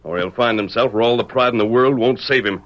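An actor playing a firm, righteous and decisive masked western hero in 1940s radio acting style on a dull old recording. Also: male voice, medium pitch, fast, noisy background, natural voice. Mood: steady. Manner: firm, commanding.

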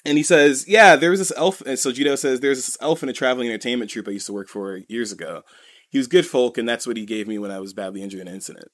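Here a man co-hosting a podcast talks very fast in a mid-range voice, with no echo. His manga chapter recap is chatty and meandering, dotted with "you know" and "kinda."

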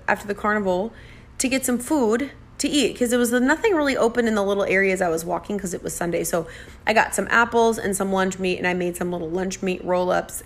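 A woman's voice: mid-range voice, creaky, a bit bright. A woman from the United States casually telling a chatty, self-deprecating travel story and acting out the dialogue.

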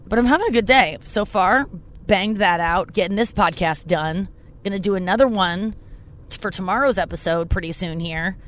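A woman's voice: fairly low pitch, fairly bright tone, a little hiss or hum. A young woman hosting her podcast, rambling in a casual, chatty monologue with frequent swearing. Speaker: podcast host.

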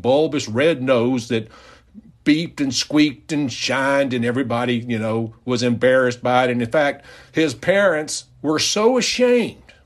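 Folksy man retelling a story, mock-outraged. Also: mid-range voice. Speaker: podcast host.

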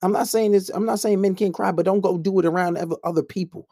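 A man's voice: high-pitched, steady tone, quick pace, mellow, dry recording, clean studio sound. Blunt, swearing male coach ranting. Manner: blunt, combative, heavy swearing. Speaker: men's coach. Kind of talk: profane ranting monologue.

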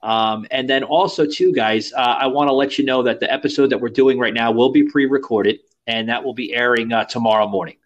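A man's voice: medium pitch, a little fast, hardly any pauses, lo-fi sound. Rambling, crude male podcast host. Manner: rambling, crude, heavy with fillers. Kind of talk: casual podcast chat.

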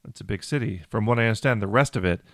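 A man's voice: fairly low pitch, racing, fairly bright tone, dry recording. A man co-hosting a comedy club podcast in casual chat, joking dryly and plugging upcoming shows. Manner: dry, joking, plugs shows. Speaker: podcast co-host.

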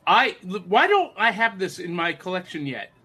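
A man hosting a casual chat in an excitable, upbeat way. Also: high voice, moderate pace, husky. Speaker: host.

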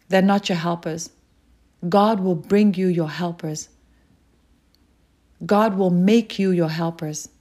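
A woman preaching a sermon, urging listeners with slow, repeated calls. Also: fairly low pitch, mellow, breathy edge. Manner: slow, repetitive exhortation.

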